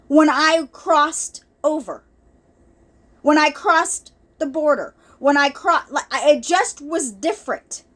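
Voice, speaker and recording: A woman's voice: extremely high pitch, a bit bright. A woman hosting an unscripted ministry video, giving an earnest, rambling spiritual testimony with many restarts and asides, emotional at times.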